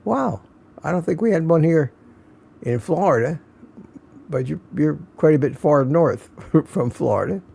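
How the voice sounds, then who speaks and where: A man's voice: fairly high pitch, lively intonation, a little slow, gravelly, pauses often, dark tone, husky. An older man hosting a casual livestream, greeting viewers by name and reading their comments aloud in a folksy way. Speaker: livestream host.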